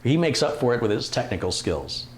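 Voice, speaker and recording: A man's voice: mid-range voice, sing-song, a little fast. A man hosting a live stream, chatting casually, joking and reading viewer comments aloud. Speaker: livestream host. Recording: roomy echo, faint room noise.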